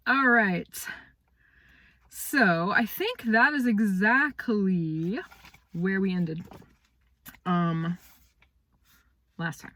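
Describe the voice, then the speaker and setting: A woman's voice: medium pitch, animated, drawn-out words, pauses often, a bit bright. A woman author chatting casually, then reading her own novel aloud, talking with many fillers and openly moved by her story. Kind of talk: casual chat and read-aloud narration.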